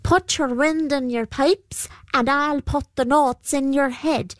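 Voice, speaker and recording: A menacing horned shape-shifter from a storybook, played by a woman narrator, snarling his orders slowly in a raised voice. The sound is dry and close. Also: high-pitched, fairly even intonation, dry recording, pitched above the performer's own voice. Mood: commanding. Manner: snarling, threatening.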